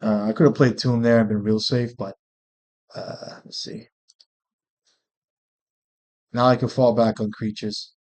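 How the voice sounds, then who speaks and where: A man's voice: mid-range voice, little pitch movement, fairly quick, hardly any pauses, a little mellow. A man streaming a card game, thinking aloud in casual, profane commentary and often muttering to himself.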